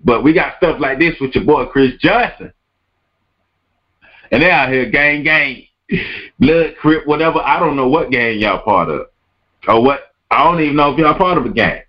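A man's voice: mid-range voice, animated, normal speed, dull audio. A man hosting a podcast, ranting emphatically and repeating his words and phrases. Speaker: podcast host. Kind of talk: podcast rant.

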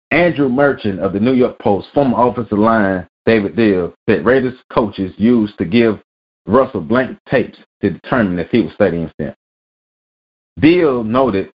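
A man hosting a weekly sports rant, reading news aloud and bluntly cursing. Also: on the low side. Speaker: vlog host. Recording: dull lo-fi recording.

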